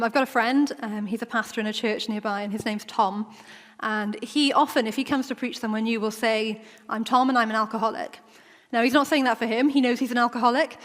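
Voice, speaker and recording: A woman's voice: on the high side, fairly bright tone. A woman preaching a sermon in a church, talking in a conversational way and acting out the quoted voices. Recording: long church reverb.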